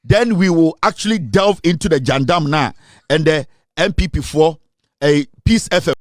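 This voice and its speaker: A man's voice: on the high side, normal speed, no echo. A Ghanaian man hosting a show, giving fiery political commentary in an emphatic, lecturing way from a studio. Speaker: radio and online show host. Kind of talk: fiery political commentary mixing Twi and English.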